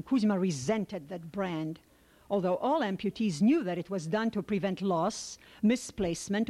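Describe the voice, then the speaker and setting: A woman reading an excerpt from a translated novel aloud in a measured, steady way. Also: mid-range voice. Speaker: reader.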